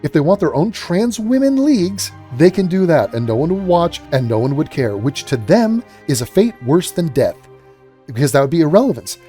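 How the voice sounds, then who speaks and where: Casting: sarcastic male commentary host, profane and exasperated, pitch swinging widely, darker mellow tone. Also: sing-song, moderate pace, soft background music.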